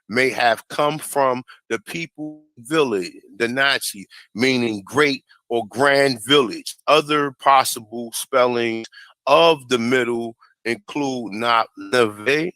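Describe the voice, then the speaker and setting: A man's voice: mid-range voice, slow pace, sharp tone, dry recording, rough recording. Profane, heated man reading aloud. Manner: profane, heated, stumbles over names while reading. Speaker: host. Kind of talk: casual commentary vlog, reading aloud.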